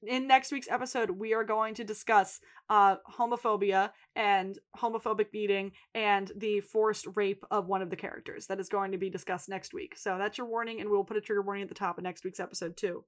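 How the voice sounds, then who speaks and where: A woman co-hosting a podcast, recapping a TV episode in an animated, chatty way and swearing freely. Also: medium pitch, a little fast, few pauses. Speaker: podcast co-host.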